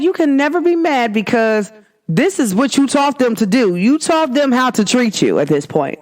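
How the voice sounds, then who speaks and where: A woman's voice: a little high, very animated, moderate pace, a little mellow. A woman hosting her own podcast, talking in a casual, emphatic monologue full of rhetorical questions. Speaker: podcast host.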